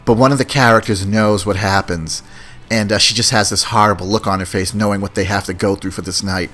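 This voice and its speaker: A man's voice: fairly low pitch, fairly even intonation, a little fast, a bit bright. A man hosting a podcast, chatting casually about movies in a rambling way and often repeating words. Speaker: podcast host. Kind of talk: casual movie review chat.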